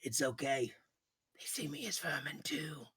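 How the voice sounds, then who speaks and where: A man voicing a small bird-man artificer who talks softly and kindly, with a self-deprecating edge. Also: medium pitch, a little slow, breathy edge. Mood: gentle.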